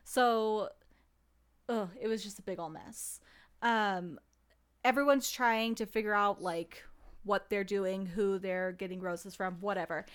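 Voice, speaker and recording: A woman's voice: mid-range voice, steady tone, measured pace, clear, resonant tone. A young woman in casual chat, recapping a reality show with lots of "like" and "um" and free swearing. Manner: chatty, swears freely, lots of "like" and "um".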